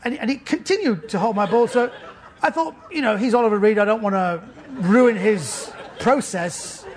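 A man with a London accent telling a comic anecdote on stage at a festival, animated, with stammered restarts. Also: sits high, normal speed, some chatter behind. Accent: London English. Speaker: author and comedian guest. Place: festival venue before a laughing audience.

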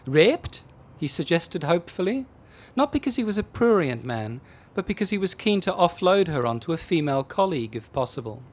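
A man reading a comic short story aloud with dry, expressive delivery. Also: on the high side, brisk, hardly any pauses.

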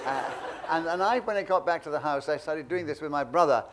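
A man in his eighties from England, a guest telling lively, self-mocking anecdotes in an interview. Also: on the high side, fast, hardly any pauses. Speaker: guest, memoir author.

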